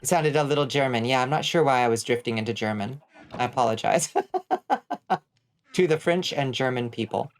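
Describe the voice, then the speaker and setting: A woman's voice: a bass voice, fast talker. An American woman streaming a game, giving casual commentary as she thinks aloud, bemused and swearing freely. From United States. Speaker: vtuber streamer.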